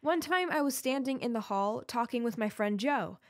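A woman giving scripted first-person narration of an animated story in a confiding tone. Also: on the high side, normal speed.

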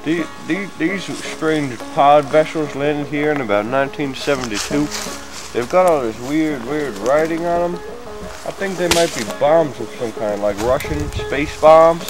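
A rambling, unhinged backwoods man, played by a male comedian shows off his forest home. His voice sits a little high for a man, and he stammers, loses his thread and suddenly bursts out loud. Music plays clearly behind him. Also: unhurried, natural voice, poor audio. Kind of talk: improvised comedy sketch.

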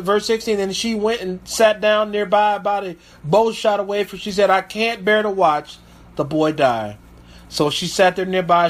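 Man, high voice, pastor's sermon, scripture reading, emphatic asides. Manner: reads verses then comments with emphatic asides.

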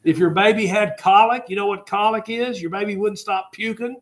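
A man's voice: high-pitched, steady tone, a little fast, a bit bright. An older man lecturing a class, rambling and joking as he tells stories and turns to his students. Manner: rambling, jokey storytelling with asides to students. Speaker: history teacher.

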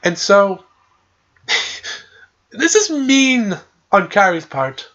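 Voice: medium pitch, very animated, very slow, fairly bright tone, muffled recording. A podcast host casually recapping a game's story in a loose, rambling way, with lots of "like" and "uh". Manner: loose and chatty, with frequent "like" and "uh".

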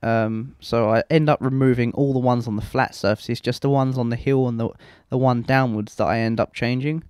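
A man's voice: medium pitch, fairly even intonation, moderate pace, darkish tone, smooth, dry recording, clean studio sound. A young man giving rambling, self-mocking gameplay commentary and swearing freely. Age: young adult. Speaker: let's play host.

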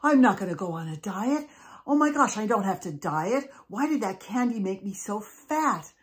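A woman voicing a spoiled, mean teenage girl who turns shrill and whiny when upset. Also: big pitch swings, normal speed, natural voice. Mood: distraught.

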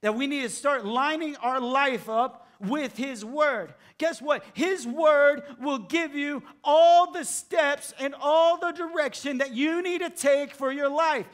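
A male pastor preaching a sermon, acting out the voices of doubters, then dropping to hushed emphasis. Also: very high-pitched, takes it slowly, hardly any pauses.

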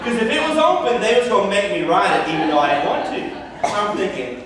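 A man's voice: high-pitched, very animated, normal speed. A man in his thirties, a senior pastor telling a comic story in a sermon, joking at his own expense with playful exaggeration. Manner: self-deprecating humor, playful exaggeration. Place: large church sanctuary. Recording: echoey church hall, distant mic, noise.

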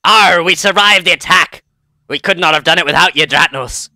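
A man's voice: on the high side, normal speed, pushed and bright, no room sound, pitched above the performer's own voice. A man putting on the voice of a boastful male pirate ship captain, drawling with an exaggerated "arr". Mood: boisterous.

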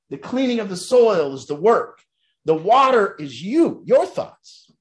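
A middle-aged man leading a recovery program, talking bluntly and emphatically with plenty of swearing. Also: sits high. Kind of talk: motivational talk.

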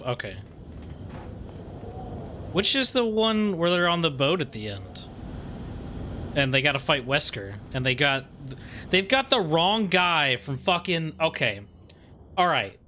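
This is a young man playing a video game on stream and talking casually with friends as he goes. His voice sits fairly high for a man and sounds bright and forceful, with lively swings in pitch. He cusses freely and works himself up into fired-up rants. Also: a little hiss or hum. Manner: animated, swears freely, rants with rising excitement. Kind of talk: casual let's-play commentary.

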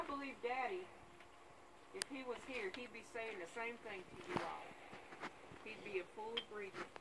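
A woman speaking at her father's graveside service in an emotional, preacherly way, calling out to the mourners. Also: fairly high pitch. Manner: emotional, preacherly, with call-and-response. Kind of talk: heartfelt eulogy with preaching. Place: outdoors at a rural graveside. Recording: loud outdoor background noise.

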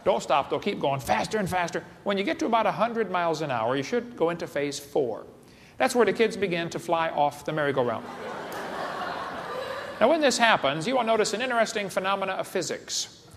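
In a large hall with long reverb and a faint hiss on the recording, a creationist speaker delivers a joking lecture. His voice is high-pitched, animated, brisk and a bit bright, and he fires wisecracks and quiz questions at the crowd along with asides.

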